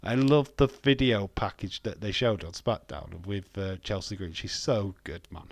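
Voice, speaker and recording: Low-voiced British man, blunt and chatty. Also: a little slow, vocal fry. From Britain. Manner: blunt, swears freely, chatty. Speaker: watch-along host. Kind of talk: casual live commentary.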